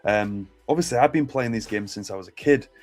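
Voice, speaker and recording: A man's voice: fairly low pitch, brisk, faint music behind. A British man co-hosting a podcast, chatting enthusiastically with swearing and laughter. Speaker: podcast co-host. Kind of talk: casual chat.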